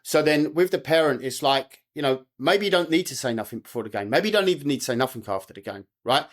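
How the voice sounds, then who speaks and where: A man's voice: mid-range voice, animated, quick pace. A man working as a mental performance coach, explaining his approach in a casual podcast chat and checking in with "right?".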